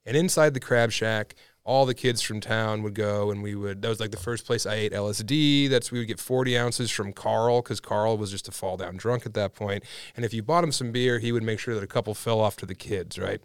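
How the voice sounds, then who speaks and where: A man, a comedian guest, telling animated anecdotes in casual podcast chat and laughing through his own punchlines. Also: on the low side, fairly quick, few pauses, smooth, no room sound.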